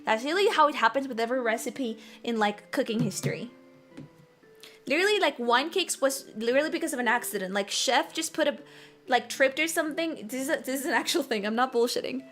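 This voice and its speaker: A woman's voice: sits high, brisk, fairly bright tone, soft background music. A young woman chatting casually on a cooking stream, rambling and giggling often.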